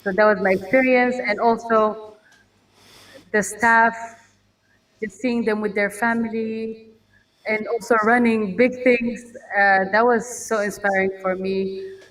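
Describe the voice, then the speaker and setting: A woman's voice: mid-range voice, fairly even intonation, unhurried, long pauses, fairly bright tone. A woman musician talking casually in a remote interview over a video call, chatty and laughing often. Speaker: guest musician. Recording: distant video call audio.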